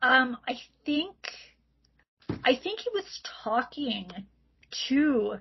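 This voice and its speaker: A woman, a podcast guest chatting casually, relaxed and talkative with many likes and ums. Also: sits high, very slow, gravelly, slight background noise. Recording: slightly dull, lo-fi audio.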